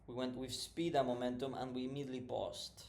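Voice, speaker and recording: A man's voice: medium pitch, little pitch movement, brisk, gravelly, darkish tone. Slangy, swearing man. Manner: slangy and profane, says "bruv" constantly. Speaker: trader reviewing charts. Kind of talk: casual screen-recorded trading commentary.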